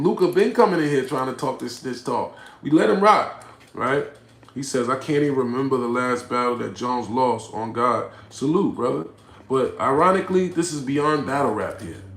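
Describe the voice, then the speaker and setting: A man hosting a livestream, reading chat aloud and reacting bluntly, swinging between low mutters and loud outbursts. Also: echoey room. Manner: blunt, profane, confrontational. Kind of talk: casual livestream rant.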